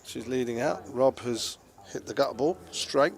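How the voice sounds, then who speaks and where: A man's voice: medium pitch, normal speed, gravelly. A man with an English accent commentating live on a poker game, chatty and joking between hands.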